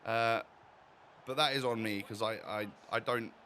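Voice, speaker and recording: A man chats his way through a football video game session in a bright, forward voice. His commentary is loose and rambling, full of asides and questions thrown straight at his viewers. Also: on the low side, fairly even intonation, unhurried, a little hiss or hum. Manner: chatty, rambling, addresses viewers directly. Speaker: gaming YouTuber. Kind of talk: casual gameplay commentary.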